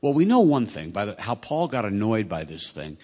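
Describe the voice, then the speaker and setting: A husky male pastor preaching a conversational sermon in a large hall with a long echo. His pitch moves a lot as he asks rhetorical questions and eases back down. The voice is slightly breathy. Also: big pitch swings, moderate pace, darkish tone. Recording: echoey hall.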